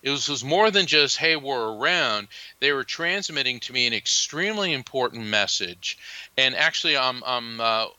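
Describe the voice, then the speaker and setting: A man being interviewed as a psychic medium, telling a personal story in an earnest, halting way, with many restarts and fillers. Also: mid-range voice, animated, sharp tone, clean tone, no echo, low-quality recording.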